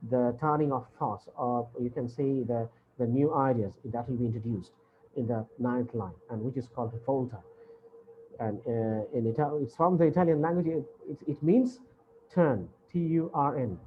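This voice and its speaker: Male lecturer, patient explainer with many hesitations, dull video-call audio, faint hiss. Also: mid-range voice. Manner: explains patiently, repeating points with frequent "uh". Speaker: university English lecturer. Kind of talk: online lecture.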